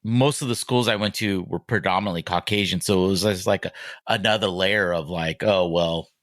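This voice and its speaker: A man in his forties, a podcast guest, telling personal stories candidly with halting restarts and lots of filler words. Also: deep voice, a bit bright, no echo, studio quality. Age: 40s.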